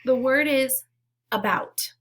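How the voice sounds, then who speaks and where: In an encouraging phonics lesson for young children, a woman's high, slightly bright voice delivers slow, clearly spoken prompts, with pauses for the kids to repeat.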